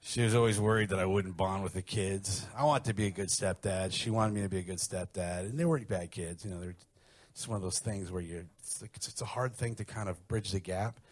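A middle-aged man doing a stand-up set with brash, profane, animated storytelling. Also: deep voice, brisk. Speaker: stand-up comedian.

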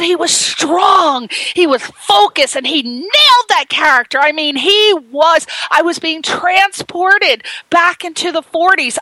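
A high, bright woman's voice, close and dry in the mic. She hosts a casual interview show and gushes in an animated, exclamatory way. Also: no echo, low-quality recording. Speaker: host.

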